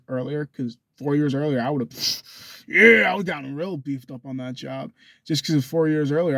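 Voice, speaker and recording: A man's voice: fairly high pitch, creaky, no room sound. A young man rambling through a loose, profane self-recorded monologue into a phone. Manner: loose and profane, drifts between thoughts.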